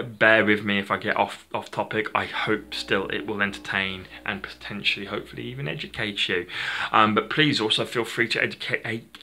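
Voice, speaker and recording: Rambling chatty man with a bright voice. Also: lowish voice. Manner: rambling, self-correcting, chatty. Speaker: channel host. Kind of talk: unscripted casual monologue.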